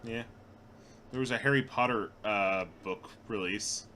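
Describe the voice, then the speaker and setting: A man's voice: lowish voice, a little slow, sharp tone, a little hiss or hum. A man streaming a card game, commenting casually and cracking dry, teasing jokes with a friend.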